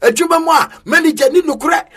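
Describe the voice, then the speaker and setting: A man with a Ghanaian accent preaching a sermon in an emphatic, half-sung style that rises to shouts. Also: very high-pitched, quick pace.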